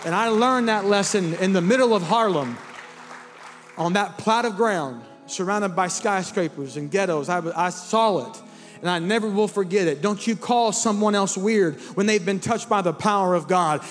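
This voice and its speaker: High-voiced impassioned pastor in a big hall. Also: male voice, normal speed. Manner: impassioned, rising to near-singing fervor. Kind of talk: sermon with altar call. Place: large church hall with congregation. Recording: long hall reverb with soft music and crowd.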